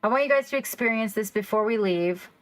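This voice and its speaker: A woman hosting a casual livestream, rambling excitedly and reacting to her chat. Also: medium pitch, a little fast, poor audio. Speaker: livestream host. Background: faint background music.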